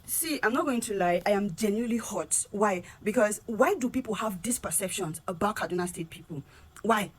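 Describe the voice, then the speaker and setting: A woman's voice: lively intonation, normal speed, husky. A young Nigerian woman with a Nigerian accent, venting to her phone camera in an earnest, aggrieved vlog and mixing in Pidgin. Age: young adult. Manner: earnest and aggrieved, repeats words and rises in pitch when heated, mixes in Pidgin. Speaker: vlogger. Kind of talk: impassioned direct-to-camera rant.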